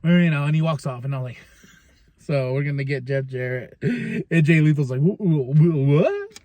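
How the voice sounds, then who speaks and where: A man hosting a podcast, recapping wrestling in a casual monologue, laughing often and slipping into quick mock voices when he quotes people. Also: mid-range voice, a little mellow, no room sound. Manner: laughs often, stumbles and restarts.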